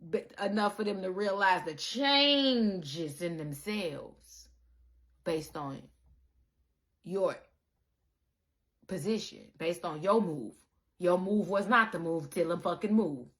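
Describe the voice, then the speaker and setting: A woman giving a casual spiritual monologue to her viewers, animated and profane, calling the listener baby and acting out the people she quotes. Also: fairly low pitch, takes it slowly, long pauses. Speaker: spiritual content creator.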